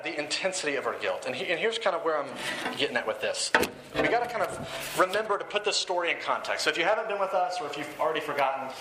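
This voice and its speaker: A male pastor delivers a sermon in a relaxed, conversational way, full of fillers and repeated phrases. His voice sits a little high and sounds bright and forceful. The recording carries a roomy echo and a faint hiss. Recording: echoey room with faint hiss.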